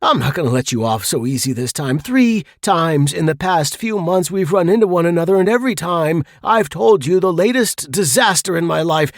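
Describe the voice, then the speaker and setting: A man's voice: a little high, vocal fry, dry recording, clean studio sound, pitched above the performer's own voice. A man voicing a gloomy, unlucky middle-aged man who is worn down by disasters.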